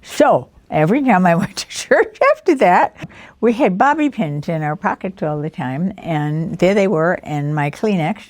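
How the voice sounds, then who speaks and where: A woman in her nineties, a veteran educator, tells her life story in an interview in a low-pitched voice. She's lively and full of anecdotes, often chuckling as she remembers people.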